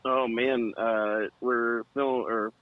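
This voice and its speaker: A man's voice: mid-range voice, steady tone, slow, no echo. A man from Oregon calling in to a podcast as a remote co-host, laid back and hesitant, with many fillers. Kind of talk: casual podcast chat. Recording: tinny phone-like line.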